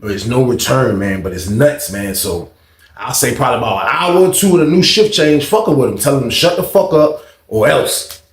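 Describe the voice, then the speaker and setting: A man telling a story casually to his viewers, animated and profane, repeating phrases for emphasis. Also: medium pitch, a little fast, reverberant.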